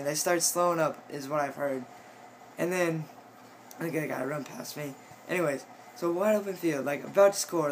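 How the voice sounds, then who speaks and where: A man's voice: on the high side, rough recording. Rambling teenage boy, faint hiss. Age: teens. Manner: rambling, lots of fillers and restarts. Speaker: high school football player. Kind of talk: casual storytelling vlog.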